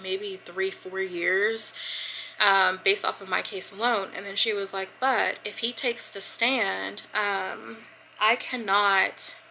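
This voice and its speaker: A woman's voice: mid-range voice, bright, forceful tone, slight background noise, poor audio. A woman vlogger telling a personal story to her viewers in casual chat, with lots of fillers. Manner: chatty, addresses viewers as y'all, many fillers. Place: at home getting ready.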